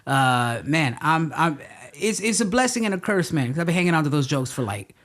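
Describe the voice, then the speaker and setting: A man's voice: fairly high pitch, big pitch swings, a little fast, a bit bright. A male stand-up comedian in casual chat, giving advice in a slangy, reassuring and emphatic way. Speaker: stand-up comedian, podcast guest.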